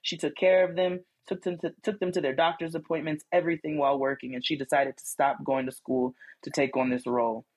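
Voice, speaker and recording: A woman co-hosting a casual podcast, reading listener letters aloud with lively asides and laughter. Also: low voice, fairly quick, few pauses, breathy edge. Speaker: podcast co-host.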